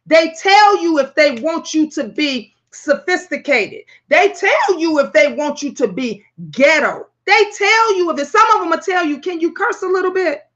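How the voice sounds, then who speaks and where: A loud, brash woman hosts her own talk show, cursing freely as she tells animated stories. Her voice sits high and bright, and the audio is slightly muffled and lo-fi. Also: a little slow, hardly any pauses. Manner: brash, profane, animated storytelling. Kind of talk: casual vlog talk.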